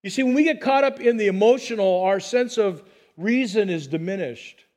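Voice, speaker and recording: High-voiced man preaching a conversational sermon. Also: normal speed. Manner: conversational preaching with asides and repetitions; drops to a hushed voice on calm phrases. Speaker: pastor.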